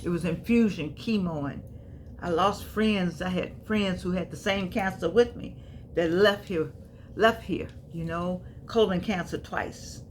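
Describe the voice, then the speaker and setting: A woman's voice: fairly low pitch, measured pace, slight background noise. A woman in her seventies telling her own life story to viewers, emphatic, repeating phrases and calling them honey and baby. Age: 70s. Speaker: vlogger. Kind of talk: personal storytelling to camera.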